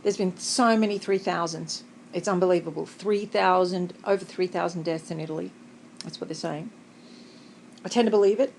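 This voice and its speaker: A woman's voice: lowish voice, moderate pace, gravelly, darkish tone, slight background noise, rough recording. An Australian woman chatting in a rambling, conversational way in a personal vlog, often laughing, sitting up in bed in a hotel room. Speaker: vlogger.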